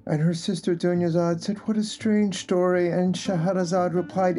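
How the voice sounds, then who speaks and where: A man telling an old tale aloud, with slow, unhurried delivery. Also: high voice, little pitch movement, dark tone, soft background music. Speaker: storyteller. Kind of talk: oral storytelling.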